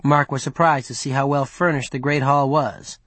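A man's voice: medium pitch, steady tone, normal speed, fairly bright tone, dry recording. Man narrating an audiobook, dry close voice. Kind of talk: scripted narration.

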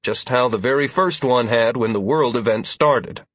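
A man narrating a first-person fantasy audiobook in a measured, even storytelling manner, with a husky voice. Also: mid-range voice, no echo.

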